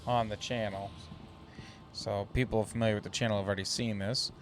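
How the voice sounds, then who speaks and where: A man streaming a space game, chatting casually and reading ship descriptions aloud in a relaxed, slightly halting way. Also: lowish voice, faint music behind.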